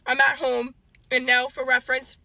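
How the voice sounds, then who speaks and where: A woman's voice: sits high, monotone, moderate pace, creaky, sharp tone, a little hiss or hum. A woman in her thirties telling an exasperated story about her day in a casual vlog. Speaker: mom vlogger.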